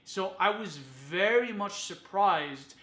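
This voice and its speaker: A man's voice: sits high, animated, slow pace, sharp tone, echoey room. A man giving a chatty to-camera perfume review, often adding "okay" and "you guys".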